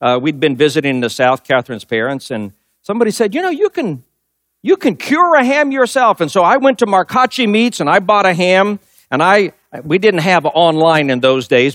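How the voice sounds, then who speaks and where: A man's voice: sits high, fairly bright tone, no room sound, studio quality. A middle-aged male pastor preaching a sermon, telling a personal story and driving points home with emphatic repetition.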